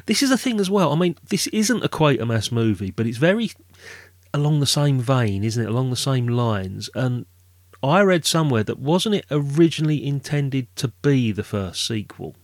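A British man co-hosting a relaxed film podcast, reading out release dates, cast lists and plot summaries before checking in with his co-hosts. His voice sits at an everyday middle pitch and is recorded close, with a very dry sound and no room echo. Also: normal speed. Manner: reads film details, then chats and checks with co-hosts. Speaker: podcast co-host. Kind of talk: casual film discussion.

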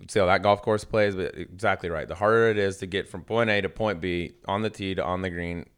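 Fast-talking man, casual golf chat. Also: deep voice, clean tone. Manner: animated, swearing, jokey storytelling. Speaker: podcast co-host.

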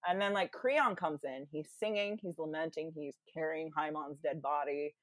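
A woman with a low-pitched voice speaks at a moderate pace in a dry, studio-quality recording. She's a podcast guest retelling a story casually, chatty and full of fillers, playfully acting out quoted lines in different voices.

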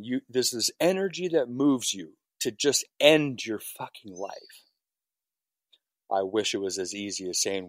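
Interviewed on a podcast, a firefighter shares his personal story with raw emotion and plenty of swearing. He speaks at normal speed in a medium-pitched voice with lively intonation, recorded dry.

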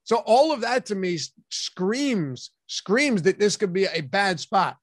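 High-voiced man arguing fantasy picks. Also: lively intonation, a little slow, no room sound, studio quality. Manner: emphatic, argumentative. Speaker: co-host. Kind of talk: fantasy football analysis chat.

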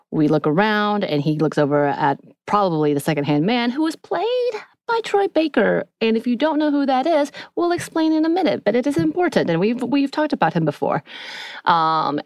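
A woman hosting a podcast, retelling a TV episode in a chatty, animated way and acting out bits of dialogue. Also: low voice, dry recording, studio quality. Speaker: podcast host. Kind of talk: casual episode recap.

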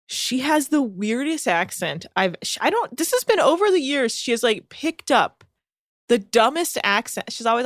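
A woman's voice: high voice, very animated, moderate pace, dry recording, clean studio sound. A young woman from the Bay Area co-hosting a podcast, recapping a reality show in casual, swearing chat full of mock quotes. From San Francisco Bay Area. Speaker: podcast co-host.

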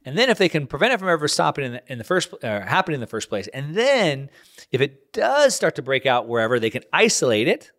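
A middle-aged man hosting a show, talking off the cuff in a rambling, animated way. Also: fairly high pitch, fast. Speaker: show host. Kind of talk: casual solo commentary.

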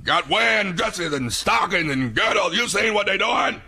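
Loud radio comedy guy, bright raspy voice, cracking up while he talks. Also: high-pitched, expressive, moderate pace. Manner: boisterous, laughing while talking. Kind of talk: radio show banter.

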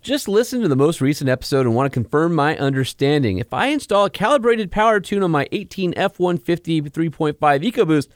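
A man's voice: on the high side, lively intonation, brisk, hardly any pauses, no room sound, studio quality. A man co-hosting a casual car podcast, reading listener letters aloud with emphasis. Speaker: podcast co-host.

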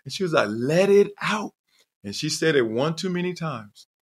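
Animated man telling a personal story. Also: on the high side, fairly quick, husky. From Southern California. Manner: emphatic, digressive, bursts into loud whoops. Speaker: podcast host.

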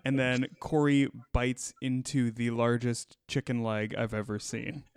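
Podcast co-host, male, smooth clear voice, upbeat and chatty, dry close mic. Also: medium pitch, measured pace, dry recording. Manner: animated, enthusiastic, laughs often. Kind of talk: casual chat.

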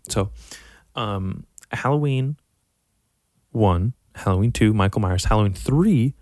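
A young man with a low voice rants about his picks in loose, profane bursts, sighing between thoughts. The sound is dry and close, with no room around it. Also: a little slow, pauses often, no room sound. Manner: profane, animated, rambling with frequent sighs. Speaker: vlogger reviewing horror movies. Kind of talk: casual rant to camera.

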